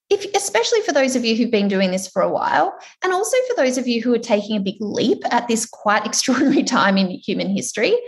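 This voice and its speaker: A woman with an Australian accent leads an online workshop over a video call, her voice sitting a little on the high side. She talks in a chatty, encouraging way, animated and warmly rallying her listeners. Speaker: workshop presenter.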